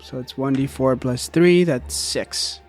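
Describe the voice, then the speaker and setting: A man playing a tabletop role-playing game, playful and quick to laugh. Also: medium pitch, darkish tone, soft background music. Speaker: player.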